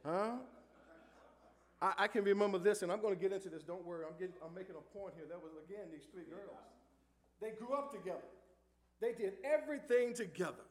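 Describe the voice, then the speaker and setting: A male pastor preaching a sermon in church. He calls out to the congregation for answers and swings between hushed lines and loud ones. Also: high-pitched, brisk. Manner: call-and-response preaching, swings from soft to loud. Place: church sanctuary.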